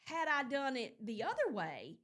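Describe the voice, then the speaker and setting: A woman's voice: high-pitched, wildly swooping pitch, normal speed, fairly bright tone. Chatty woman hosting morning radio. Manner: chatty storyteller, rambling with fillers. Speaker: radio morning show host. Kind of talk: casual on-air chat.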